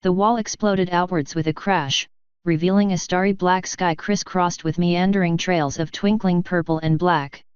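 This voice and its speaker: A woman reading fanfiction aloud in steady, measured scripted narration, on a dull, dry recording. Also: fairly low pitch, smooth, no room sound. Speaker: fanfiction reader.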